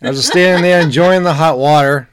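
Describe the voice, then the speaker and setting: Man with a sick, deepened voice. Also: fast, crowd noise. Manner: dry wisecracks. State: sick, voice deeper than usual. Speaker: podcast co-host. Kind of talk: casual chat.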